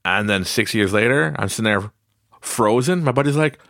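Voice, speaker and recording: A man hosts his own podcast in a casual monologue, his low voice carrying a gravelly edge. He tells stories with swinging, lively pitch and often jumps high to act out other people's lines. The sound is dry and close, with no room around it. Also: fairly quick, dry recording. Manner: animated storytelling, acts out quotes in a high voice, laughs often. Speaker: podcast host.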